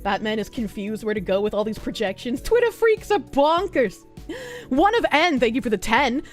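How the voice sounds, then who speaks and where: A woman streamer chatting casually and crudely, sarcastic and quick to laugh. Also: a little high, sing-song, faint music behind. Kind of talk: casual livestream chat.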